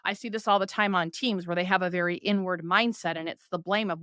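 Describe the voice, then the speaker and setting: A woman hosting a podcast, explaining ideas in a lively, conversational way and often acting out the complaints she describes. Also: lowish voice, fast talker, smooth, no echo, clean studio sound. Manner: animated, voices quoted complaints for illustration. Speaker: podcast host.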